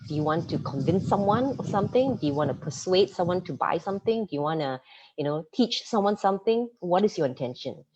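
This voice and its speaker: A woman media coach from Singapore giving an online masterclass, talking fast and lively and laughing easily. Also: fairly low pitch, noisy background. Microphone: computer mic on a video call. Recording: dull lo-fi video-call audio.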